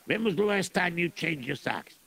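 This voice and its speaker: A greedy general with a very gravelly voice, chuckling as he schemes, as a man puts him on. His pitch swings widely as he bargains in broken grammar. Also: expressive, normal speed, fairly bright tone, no room sound, full character voice. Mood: disgusted. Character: greedy blustering male Russian general.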